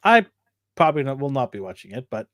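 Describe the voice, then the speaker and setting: Playful man with a lively, dry voice. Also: mid-range voice, no echo. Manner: playful, teasing, quick jokes. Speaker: co-host reading viewer comments. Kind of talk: casual chat.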